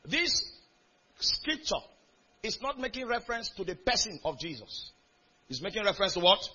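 A man's voice: high-pitched, sing-song, quick pace, sharp tone, breathy edge, muffled recording. A man preaching a sermon in a church hall, reading scripture aloud and calling out questions to the congregation. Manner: reads scripture aloud in a rising, building cadence. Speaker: pastor.

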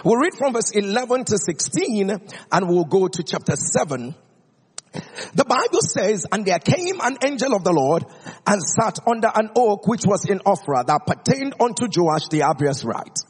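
A man preaching a sermon, reading scripture aloud in a dramatic, declamatory way that swings high and low. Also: sing-song, normal speed, slightly rough, in a large hall.

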